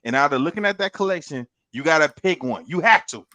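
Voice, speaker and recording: A middle-aged man talking in a lively, swinging way, with a bright, sharp edge to his voice. He gives advice in loose casual chat and keeps repeating words. The sound is dry and close. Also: fairly high pitch, fast talker, no room sound. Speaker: podcast co-host.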